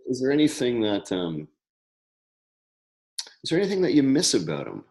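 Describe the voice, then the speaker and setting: A man hosting a casual interview call, asking halting, repeated questions and giving short encouraging replies. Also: medium pitch, wildly swooping pitch, a little mellow. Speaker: interviewer, coach.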